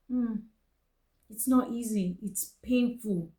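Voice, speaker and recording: A woman's voice: medium pitch, moderate pace, dark tone, low-quality recording. A young woman with a Nigerian English accent telling her birth story to camera in an earnest, emotional way, repeating phrases for emphasis. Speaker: vlogger.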